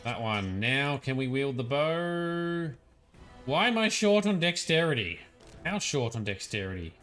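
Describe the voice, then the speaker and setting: A man's voice: mid-range voice, very animated, a little slow, fairly bright tone, faint music behind. A young man with an Australian accent, casually commenting while playing a game, playful and chatty. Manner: chatty, playful, laughing often. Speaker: let's play host.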